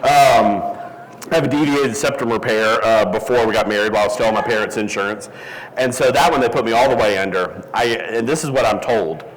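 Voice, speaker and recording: A man's voice: on the low side, brisk, in a large hall, poor audio. A man telling a rambling, self-deprecating story with lots of fillers as a guest at a live event. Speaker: interview guest. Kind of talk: casual storytelling. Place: event hall.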